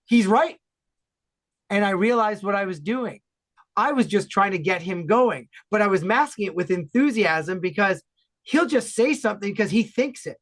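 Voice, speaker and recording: A man from Ontario, Canada, talking enthusiastically and loudly as a guest in a casual podcast chat. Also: high-pitched, moderate pace. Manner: enthusiastic, animated, loud talker.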